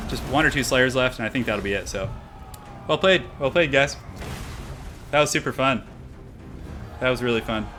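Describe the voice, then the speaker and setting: Young guy streaming a game, bright sharp voice, excitable and slangy, kinda winded, faint music behind. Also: medium pitch. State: tired, a little out of breath. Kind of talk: casual live-stream commentary.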